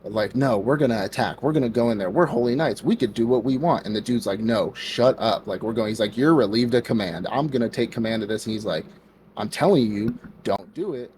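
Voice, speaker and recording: With a medium-pitched, slightly mellow voice, a man talks a little fast over a faint hiss or hum. As a podcast co-host, he gives a rambling, casual anime episode recap, acting out lines and constantly saying "like" and "bro."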